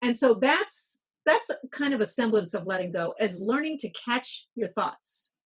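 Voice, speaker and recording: A middle-aged woman with a fairly high, husky voice talks as a guest on a podcast. She coaches listeners on handling stress and tells everyday stories to make her points. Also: expressive, a little slow. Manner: storytelling, coaching tone. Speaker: guest, workplace wellness speaker. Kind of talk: podcast interview.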